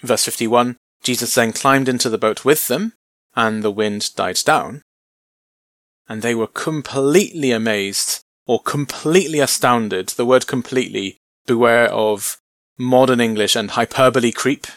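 A man leads a Bible study, walking through the passage verse by verse in a relaxed, conversational way and adding wry asides. His voice sits at a middling pitch. The recording is close and dry, with no room echo. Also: measured pace. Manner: conversational, explaining with light humor. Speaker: Bible teacher.

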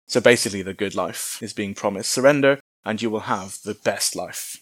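A man's voice: on the low side, moderate pace, a bit bright, no echo, studio quality. A man giving an informal Bible lesson in a chatty, humorous way with casual slang. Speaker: Bible teacher.

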